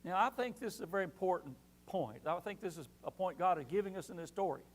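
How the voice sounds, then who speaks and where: A man's voice: high-pitched, animated, fast talker. A man teaching a Sunday Bible class in an earnest way, repeating key phrases for emphasis.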